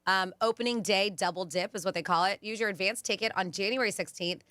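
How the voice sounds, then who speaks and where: A woman hosting a radio show, chatting casually and reading out event deals with quick asides. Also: mid-range voice, a bit bright, no echo. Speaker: radio host.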